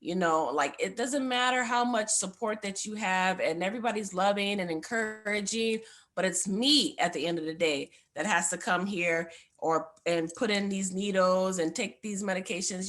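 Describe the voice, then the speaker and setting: A woman's voice: medium pitch, moderate pace, fairly bright tone. A young woman, a guest on the show, giving a heartfelt personal testimony in a rambling way, full of fillers.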